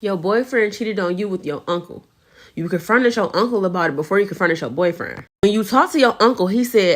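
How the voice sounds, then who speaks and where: A woman's voice: medium pitch, expressive, fairly quick. A woman telling a wild story in a brash, profane way, addressing the listener as "you". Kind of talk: storytelling in a viral clip.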